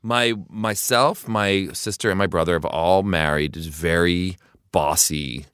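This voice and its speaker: A comedian guest on a podcast, this man rambles in a self-deprecating way during casual chat. His voice is a little low. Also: measured pace, fairly bright tone, smooth.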